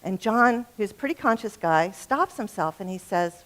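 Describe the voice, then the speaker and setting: A woman's voice: medium pitch, lively intonation, normal speed, a bit bright. A middle-aged woman giving a talk on relationships to a live audience. She is chatty and humorous and often turns to the room with questions. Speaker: relationship speaker.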